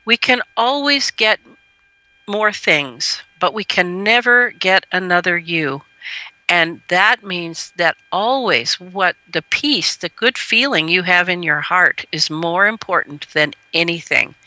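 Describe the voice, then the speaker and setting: A middle-aged woman, a parenting educator, telling a personal story as a radio interview guest in an earnest, gentle way. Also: takes it slowly, no echo, low-quality recording. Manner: earnest, gentle storyteller who lifts her pitch when quoting.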